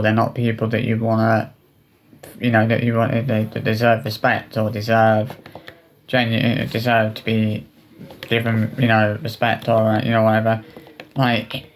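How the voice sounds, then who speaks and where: A man with a lowish voice speaks to his viewers in a personal vlog, sounding upset and remorseful. His speech is halting, packed with restarts and fillers.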